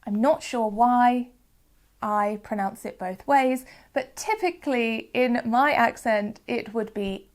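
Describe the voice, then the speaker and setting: Uk woman teaching phonics, slightly high voice, patient and clear, says sounds out slow. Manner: clear, patient explaining, demonstrates sounds slowly. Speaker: phonics teacher and channel host. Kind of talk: educational video lesson.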